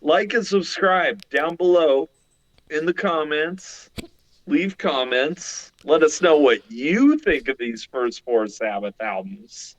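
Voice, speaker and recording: A man's voice: a little high, lively intonation, slow pace, poor audio. A man co-hosting a casual music podcast, joking around and swearing freely. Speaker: podcast co-host. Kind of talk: casual chat.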